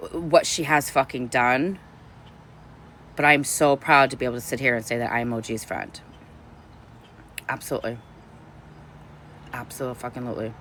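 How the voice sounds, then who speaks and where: A woman's voice: rumbling low, pushed and bright. A woman chatting casually on a livestream, effusive and gushing, swearing constantly as she talks. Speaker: streamer.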